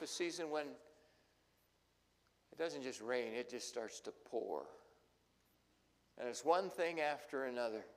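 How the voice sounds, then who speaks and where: A male pastor preaching a sermon, telling the story dramatically and swinging between loud and hushed. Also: mid-range voice. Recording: long hall reverb.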